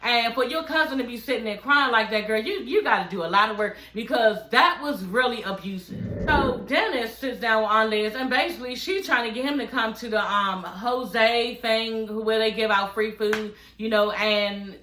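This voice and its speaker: A woman giving a brash, profane, animated recap of a reality show from her living room. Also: on the high side, normal speed, few pauses, a little hiss or hum. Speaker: recap vlogger. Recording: echoey room.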